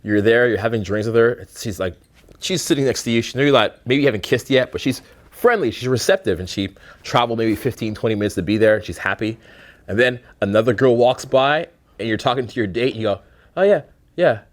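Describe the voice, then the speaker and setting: A man's voice: mid-range voice, a little fast. Male dating coach, live seminar, mid-range voice, crude humor, mocking impressions. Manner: blunt, profane, joking, slips into mocking put-on voices. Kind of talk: live seminar talk to a room of students. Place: seminar room with an audience.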